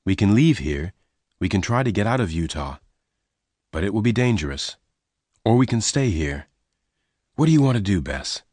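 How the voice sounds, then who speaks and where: A man voicing a strong, protective young cowboy in a read-aloud story, calm and plain-spoken. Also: on the low side, moderate pace, long pauses, no room sound. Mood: earnest. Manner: calm, plain-spoken, close to the reader's own voice.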